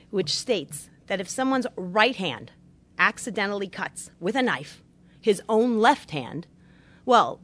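A middle-aged woman, a marriage therapist, giving an earnest instructional talk on marriage with religious teaching and gently stressing her key points. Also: mid-range voice.

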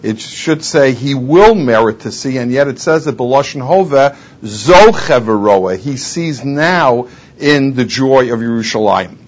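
A man's voice: mid-range voice, lively intonation, takes it slowly, highs cut off. A man teaching a Talmud lecture, quoting Hebrew and Aramaic phrases and translating each, pressing harder on his rhetorical questions. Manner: rising intensity on rhetorical questions. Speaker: Torah teacher.

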